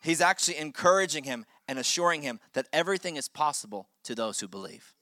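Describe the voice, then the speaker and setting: Bright-voiced preaching pastor, dry sound. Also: male voice, a little high, animated, fast talker, no echo. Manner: impassioned preaching, voice rising and dropping for emphasis. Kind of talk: sermon.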